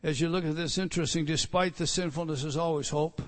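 A man preaching an expository sermon, swinging between loud declarations and hushed asides. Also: fairly high pitch, fairly even intonation, fast.

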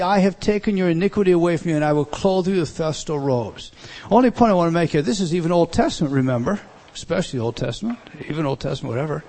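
A man preaching a sermon, emphatic, with loud bursts, quiet asides and many rhetorical questions. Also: fairly high pitch.

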